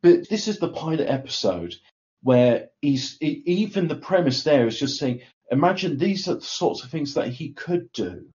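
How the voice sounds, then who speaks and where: Measured man on a muffled mic. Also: on the high side, sing-song, darkish tone. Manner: measured, reflective, with stumbles. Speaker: podcast co-host. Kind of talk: casual podcast chat.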